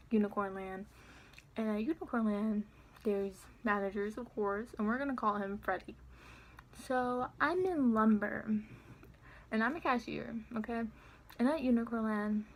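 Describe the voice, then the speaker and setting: An eighteen-year-old woman casually telling a story on her vlog, chatty and animated as she acts out what was said. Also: medium pitch, slight background noise. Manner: chatty, animated retelling with quoted dialogue. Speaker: vlogger.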